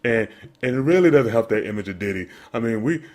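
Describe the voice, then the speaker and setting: A man's voice: medium pitch, expressive, fast talker, a little mellow. Man, podcast co-host, sarcastic, incredulous, casual commentary. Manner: mocking, incredulous, jokey. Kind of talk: casual sports commentary rant.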